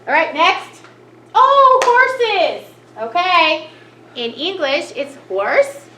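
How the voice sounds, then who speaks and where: A woman teaches a cheerful lesson to children, gasping with delight at each new picture. Her high, sharp voice is expressive and unhurried, recorded in an echoey room with faint noise.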